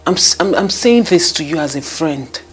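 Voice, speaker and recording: An actress playing a calm, earnest friend who gently advises and pleads. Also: female voice, low voice, normal speed, soft background music. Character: caring young woman advising a heartbroken friend. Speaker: friend giving advice. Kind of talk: Nollywood film acting.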